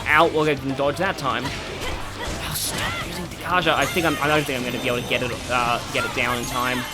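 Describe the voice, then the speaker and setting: A let's-play host chatting through a boss fight, the voice swinging up and down as it complains about healing and buffs. Game music plays clearly underneath. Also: medium pitch, very animated, fast. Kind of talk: gameplay commentary.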